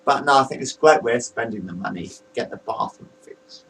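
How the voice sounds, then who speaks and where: A man's voice: medium pitch, expressive, fairly quick, gravelly, a bit bright, recorded from a distance, slight background noise, poor audio. A man in his forties recalling family stories to camera in a candid, rambling way, laughing between them. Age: 40s. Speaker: man filming a home video about his family. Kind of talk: rambling personal recollection to camera.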